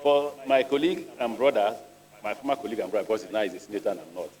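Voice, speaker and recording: A middle-aged Nigerian man with a Nigerian accent answers questions as a ministerial nominee before a senate, speaking in a deliberate, measured way with storytelling asides. His voice is lowish and darkish, and the large legislative chamber gives a long reverb.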